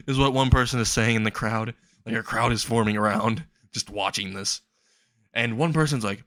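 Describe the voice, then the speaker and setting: Ein junger Mann erzählt frei eine alberne Fan-Geschichte, schweifend und über eigene Witze lachend. Seine Stimme liegt in mittlerer Höhe, die Aufnahme klingt trocken und nah. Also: male voice, medium pitch, moderate pace, fairly bright tone, no echo, studio quality. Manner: rambling, laughing at own jokes. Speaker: storyteller. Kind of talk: improvised comedic fan story narration.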